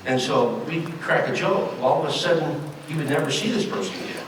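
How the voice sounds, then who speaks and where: A man's voice: a little high, fairly quick, few pauses, fairly bright tone. A man in his sixties from the United States, telling an audience about being held hostage, in a conversational way with fillers and wry humor. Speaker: speaker recounting his time as a hostage. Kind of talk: storytelling speech to an audience. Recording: echoey hall from far off, faint noise.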